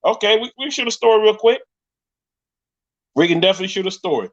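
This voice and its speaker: A man with a New York accent chats on a live podcast stream, fast and hyped, talking straight to his viewers. His voice sits a little high. The audio is dull and lo-fi. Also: animated. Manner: hyped, talkative, addresses viewers directly. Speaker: podcast host. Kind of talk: casual live-stream chat.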